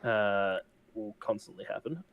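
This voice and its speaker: A man's voice: on the low side, lively intonation, unhurried, smooth, narrow, tinny audio. A man casually recapping the last session of a tabletop game, rambling with many fillers and laughs. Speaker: game master.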